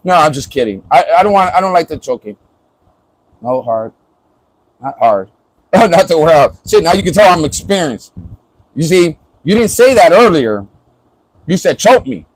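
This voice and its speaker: A man's voice: high-pitched, breathy edge, no echo, low-quality recording. A man from Florida chatting casually on a livestream, joking and rambling and laughing often.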